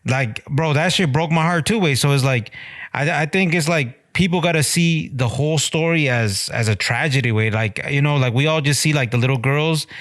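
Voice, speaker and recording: Brief: Mexican-American man, podcast co-host, slightly higher voice, blunt and casual. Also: moderate pace, a bit bright. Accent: Mexican-American English. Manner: frank, talks with "bro" and "way" fillers. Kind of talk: casual chat.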